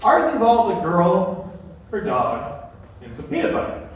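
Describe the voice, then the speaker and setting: A young man performing a stand-up comedy set with a dry, deadpan delivery that builds to punchlines. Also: high-pitched, unhurried. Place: comedy venue stage. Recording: echoey room, distant mic, faint noise.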